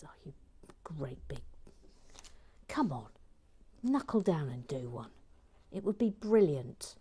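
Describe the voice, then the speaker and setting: A woman's voice: sits low, sing-song, takes it slowly, dark tone, breathy edge. A woman hosting a stream, reading chat comments in a playful manner and often dropping into a whisper. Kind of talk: casual chat.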